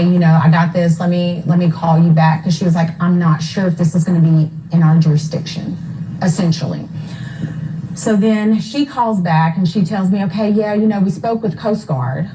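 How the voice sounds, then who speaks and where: A mother recounting events for an interview in a lowish, mellow voice. She goes step by step and pins down the times, with plenty of fillers. There is a faint hum of noise behind her. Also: poor audio. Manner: detailed, careful about times, uses many fillers. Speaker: mother of a missing son.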